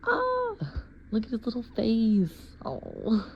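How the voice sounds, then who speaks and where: A woman's voice: on the low side, very animated, slow pace, vocal fry, pauses often, a little hiss or hum. A woman acting out a solo scenario, cooing at a pet and stammering flustered denials, in a slightly dull lo-fi recording. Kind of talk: acted solo sneeze scenario.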